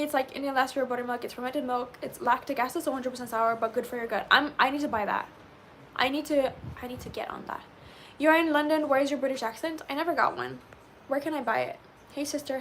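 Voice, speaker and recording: A woman in her twenties chatting casually with live viewers and answering them as she reads chat, animated and peppered with "like". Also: sits high, a little hiss or hum. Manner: chatty and animated, says "like" often. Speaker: livestreamer reading chat.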